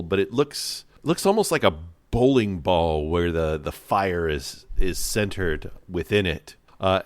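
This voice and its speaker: A man's voice: on the low side, smooth, dry recording, studio quality. A man narrating as game master of a tabletop game, rambling through his descriptions with lots of fillers and restarts.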